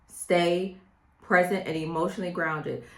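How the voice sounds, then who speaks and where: A middle-aged dating coach for women delivers direct advice in an emphatic way, often checking in with "okay?". Her lowish, a bit bright voice has fairly even intonation and a measured pace, recorded in an echoey room.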